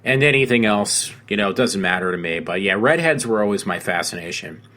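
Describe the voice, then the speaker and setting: A man's voice: on the low side, animated, a little fast, bright, forceful tone. A man hosting a casual solo talk show, rambling with many fillers, restarts and self-corrections. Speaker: podcast host.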